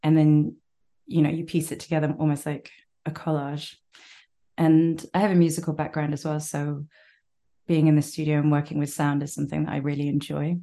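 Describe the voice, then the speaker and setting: A woman's voice: sits low, flat delivery, fairly quick, warm tone. A woman with a posh British accent, a guest actor chatting in an interview and laughing often as she talks. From Britain. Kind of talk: casual interview chat.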